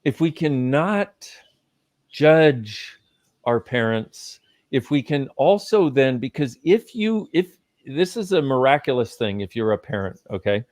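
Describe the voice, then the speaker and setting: A man's voice: mid-range voice, sing-song, unhurried, a little mellow, dry recording. Emphatic man teaching in a dry room. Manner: emphatic, swears casually, lists ideas. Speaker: guest speaker on parenting. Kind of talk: live conversational teaching.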